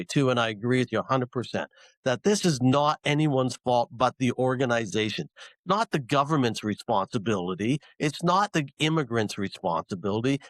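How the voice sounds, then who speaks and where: A man's voice: mid-range voice, no room sound. A man on a sports podcast panel, making his point in an emphatic, lecturing way. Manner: emphatic, lecturing, forceful opinions. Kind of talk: casual sports chat.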